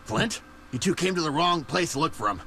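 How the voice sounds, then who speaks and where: A paranoid, aging caped vigilante from a video game, muttering conspiracies in a bright voice. His pitch swings widely as he warns and accuses. A faint hiss sits behind him. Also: animated, brisk. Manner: conspiratorial, growling asides.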